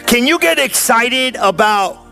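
Male preacher, high bright voice, animated storytelling sermon, faint music underneath. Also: unhurried, creaky. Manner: animated, conversational storytelling with shouted bursts.

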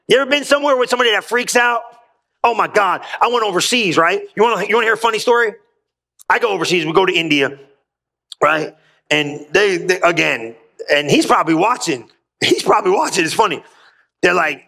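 Animated, bright-voiced male preacher. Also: high voice, fast, gravelly. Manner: conversational, street-slang preaching with frequent asides to the congregation. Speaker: pastor. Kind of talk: lively sermon with storytelling.

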